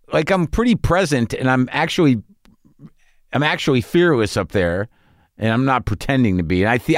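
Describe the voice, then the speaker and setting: A man's voice: mid-range voice, dry recording, studio quality. A middle-aged man hosting a podcast, talking through a rambling, profane casual monologue full of restarts and trailing thoughts. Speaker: podcast host.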